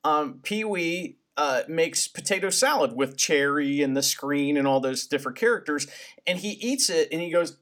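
A man's voice: on the high side, lively intonation, moderate pace, fairly bright tone. A man co-hosting a podcast in casual, jokey, rambling chat. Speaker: podcast co-host.

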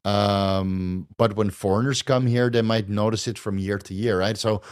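Low-voiced man chatting casually. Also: fairly even intonation, moderate pace, clear, resonant tone. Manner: rambling, with many fillers and self-corrections. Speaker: podcast host. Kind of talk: casual chat. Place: lives in Thailand.

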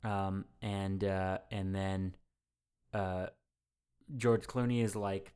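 A man's voice: deep voice, slow, long pauses, clear, resonant tone. A man co-hosting a casual movie podcast, retelling the plot with lots of swearing and laughter. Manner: animated, swearing, laughs often. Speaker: podcast co-host.

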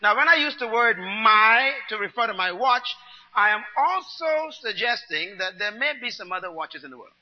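A man preaching a sermon, teaching his congregation, going from quiet muttered asides to loud, driving declarations. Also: high-pitched, expressive, normal speed. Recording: dull long-reverb hall sound.

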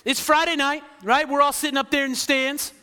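A man preaching a lively sermon, often asking the crowd "right?" and acting out quoted voices. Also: very high-pitched, fairly quick, in a large hall. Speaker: pastor.

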